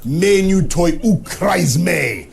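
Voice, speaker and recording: A man's voice: high-pitched, expressive, slow, gravelly. A man declaiming a recitation in a theatrical, sing-song manner, heard as a played clip.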